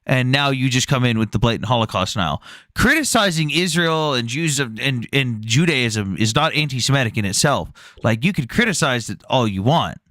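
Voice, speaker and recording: A man's voice: medium pitch, big pitch swings, normal speed, bright, forceful tone, no room sound. A man hosting a live debate stream, mocking callers and talking to his chat. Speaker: stream host.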